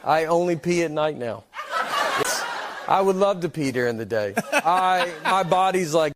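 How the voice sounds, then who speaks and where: A man in his forties doing a stand-up comedy set on stage, telling stories in a deadpan way and voicing the people in them. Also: fairly high pitch, a little slow. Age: 40s. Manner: deadpan storytelling, quoting people in flat asides. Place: stage before a live audience. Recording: live show with audience noise.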